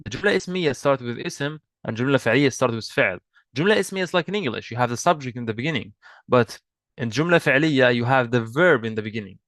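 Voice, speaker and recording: Guy teaching an online class, mid pitch, dry close sound, keeps repeating himself patiently. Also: lively intonation, very fast, a bit bright, no room sound. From Egypt. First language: Arabic. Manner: patient, repeats and restarts, switches between English and Arabic. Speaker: Arabic teacher. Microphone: video call mic.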